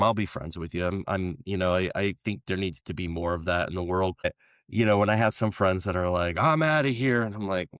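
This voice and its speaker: A man hosting a casual interview, talking in a rambling, animated way and laughing often. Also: lowish voice, no room sound, clean studio sound. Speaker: podcast host.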